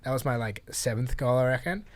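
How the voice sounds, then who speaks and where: A man's voice: mid-range voice, fairly quick. An Australian man, a podcast guest, telling stories in casual chat with frequent laughs. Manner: animated storyteller, laughs often.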